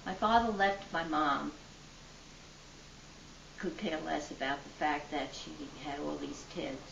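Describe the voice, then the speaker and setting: An older woman telling her life story in an interview, earnest and lively in her retelling. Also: low voice, unhurried, creaky. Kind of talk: personal storytelling. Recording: distant, dull, noisy, roomy.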